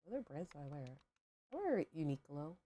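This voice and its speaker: A young woman with a low, mellow voice talks casually to her stream while playing. She rambles, fills gaps with "like" and "um", and questions herself along the way. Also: big pitch swings, fairly quick. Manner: rambling, filler-heavy, self-questioning. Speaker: livestream host. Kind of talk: casual chat while gaming.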